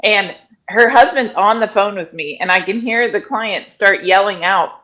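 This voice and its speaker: A middle-aged woman, a guest in an interview, telling stories in a lively conversational way and acting out other people's words. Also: mid-range voice, normal speed, rough recording. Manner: animated storyteller, acts out quoted people in raised voices. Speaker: guest, functional medicine director and former doula.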